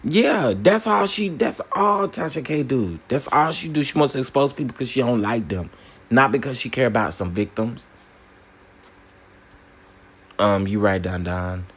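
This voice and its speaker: A man hosting a casual opinion commentary, emphatic and animated, repeating phrases for punch. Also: medium pitch, moderate pace, pauses often. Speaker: commentary channel host.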